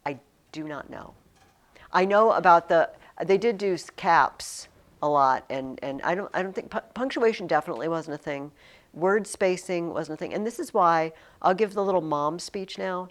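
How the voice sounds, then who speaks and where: A woman's voice: fairly low pitch, moderate pace. Chatty woman teaching a Latin class. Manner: chatty, emphatic, many fillers and restarts. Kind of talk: classroom lesson.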